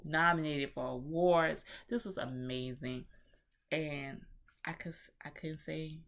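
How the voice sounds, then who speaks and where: A woman with a notably low voice retells a film in a loose, chatty vlog review. She talks animatedly, full of slang and the odd swear word, and addresses her viewers directly. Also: fairly bright tone. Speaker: movie reviewer.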